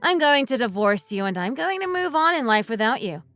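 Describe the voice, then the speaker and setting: A woman's voice: on the high side, very animated, fairly quick, a bit bright, no echo. Brief: woman as fed-up wife, accusing tone, light music behind, dry close sound. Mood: cold. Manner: bitter, accusing, blunt. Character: resentful wife fed up with her husband. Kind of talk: scripted dialogue drama.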